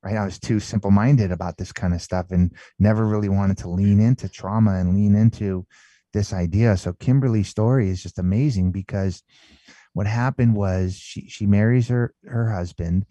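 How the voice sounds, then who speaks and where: A man's voice: lowish voice, fairly even intonation, normal speed, warm tone, dry recording. A man, the author being interviewed, telling a long story in an emphatic conversational way, repeating words and tagging lines with "right?" and "man". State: emotional while telling story. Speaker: author and guest.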